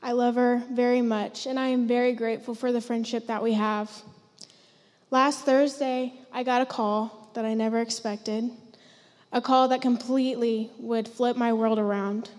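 Teen girl, heartfelt testimony, emotional, fairly high voice, church hall reverb. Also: fairly even intonation, unhurried, a little mellow. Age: teens. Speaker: student giving testimony. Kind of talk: personal testimony. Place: church sanctuary stage.

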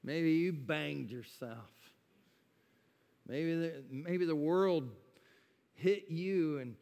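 A man preaching a sermon in a church, his voice swelling with feeling on quoted words of God and dropping low and intimate between them. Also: very slow, gravelly, a little mellow, in a large hall. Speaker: pastor. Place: church sanctuary.

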